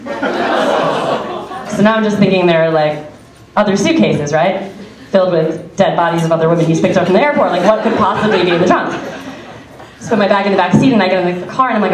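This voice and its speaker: A young woman doing stand-up, chatty and laughing through her story in a fairly low voice. She sounds a little far from the mic in an echoey club. The crowd is clearly heard around her. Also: fairly quick. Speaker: stand-up comedian. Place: comedy club stage with audience.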